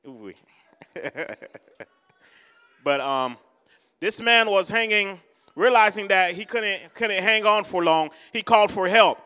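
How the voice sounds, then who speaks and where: High, bright preacher. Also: male voice, slow, pauses often, clean tone, in a large hall. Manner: repetitive, exhorting, switches languages. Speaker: pastor. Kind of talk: sermon.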